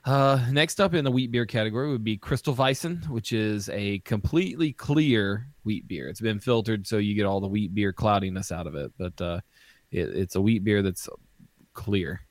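Low-voiced man, dry close sound. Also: normal speed, dry recording. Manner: hesitant, many ums and restarts. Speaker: podcast co-host. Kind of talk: casual chat, reading through beer styles.

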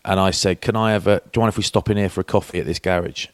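A man's voice: low-pitched, fairly even intonation, rapid-fire, dry recording. A man in his forties, co-hosting a podcast in casual chat, telling anecdotes and acting out quoted voices. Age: 40s. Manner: chatty storyteller, acts out quoted voices. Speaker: podcast co-host.

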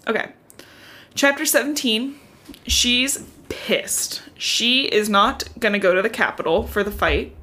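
A young woman co-hosting a podcast, recapping a book in casual chat, full of "like" and quick laughs. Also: on the high side, animated, sharp tone. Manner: chatty recap filled with "like", laughing often. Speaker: podcast co-host.

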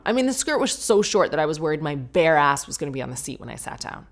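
British woman, solo podcast host with a slightly low voice, animated and self-mocking storyteller. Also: fast talker, few pauses. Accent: British English. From Britain.

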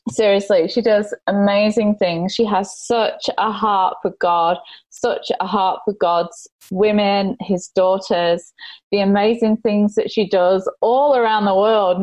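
A woman's voice: medium pitch, darkish tone, dry recording, low-quality recording. A woman hosting a faith-based business podcast, gushing and emotional as she introduces her guest. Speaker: podcast host.

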